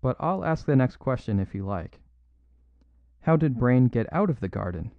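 An impatient, logic-bound doctor of a storybook, firing sharp questions with rising exasperation, as a male narrator puts him on. The sound is dull and dry. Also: mid-range voice, sing-song, moderate pace, no echo. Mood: exasperated.

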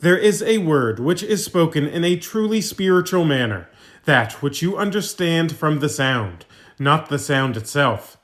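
Brief: male reader, slightly high voice, slow and solemn, reading a sermon aloud. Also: expressive, a bit bright. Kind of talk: scripted reading of a sermon text.

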